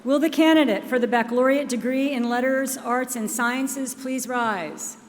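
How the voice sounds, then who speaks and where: Woman announcer, formal and measured, somewhat high voice, long hall reverb, faint ambience. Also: slight background noise. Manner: measured, formal reading of names. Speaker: ceremony announcer. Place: large ceremony hall.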